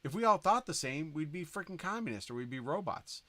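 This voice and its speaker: A man's voice: a little high, sing-song, a little fast, a crowd in the background. A man co-hosting a podcast in casual chat, emphatic and opinionated. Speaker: podcast co-host.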